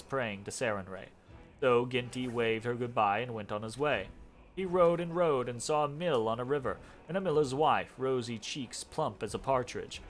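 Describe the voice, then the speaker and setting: A man reading in-game lore aloud as a storyteller, expressive, with casual asides between passages. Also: medium pitch. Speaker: gameplay narrator.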